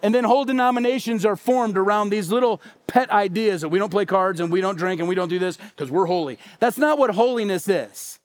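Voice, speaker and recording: A man's voice: high voice, a little fast, hardly any pauses. A middle-aged man, a pastor, preaching a sermon with emphatic, repeated phrases and acted-out quotes.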